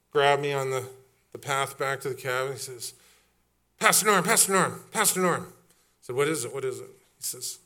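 A man's voice: medium pitch, a bit bright. A middle-aged man preaching a sermon as pastor, telling stories casually and building to emphatic repeated questions. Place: church.

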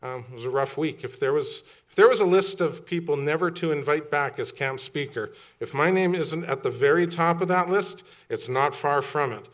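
A man's voice: on the high side, normal speed, few pauses. A middle-aged man preaching a sermon as pastor, telling stories casually and building to emphatic repeated questions. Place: church.

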